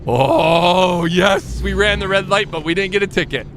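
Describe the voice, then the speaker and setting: A man streaming a trucking game, chatting casually and joking with his viewers, now and then jumping into high squeaky exclamations. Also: steady tone, a little fast, bright, forceful tone, faint music behind. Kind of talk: casual live-stream chat while gaming.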